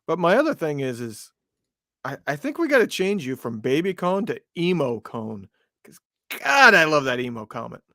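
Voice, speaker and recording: Male podcast co-host, slightly higher voice, opinionated casual talk, dry mic. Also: big pitch swings, normal speed, bright, forceful tone, no echo. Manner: opinionated, lots of fillers and restarts.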